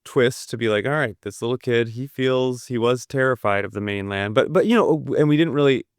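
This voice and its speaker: A man with a mid-pitched, smooth and clear voice chats eagerly about a film, circling back and restarting his thoughts. It is a dry, close recording. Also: fairly quick, no room sound. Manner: enthusiastic, rambling with restarts. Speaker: podcast co-host. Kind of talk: casual film review chat.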